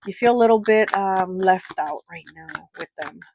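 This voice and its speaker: A woman giving a pick-a-card tarot reading, sounding nasal and congested from a cold, with a gentle, reassuring manner full of fillers and check-ins. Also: mid-range voice, normal speed, noisy background. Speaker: tarot reader.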